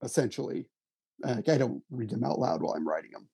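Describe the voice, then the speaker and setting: Guest writer-actor, man; husky, dry-sounding voice, self-deprecating storyteller. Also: mid-range voice, sing-song, brisk, mellow, no room sound. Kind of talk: casual conversation, storytelling.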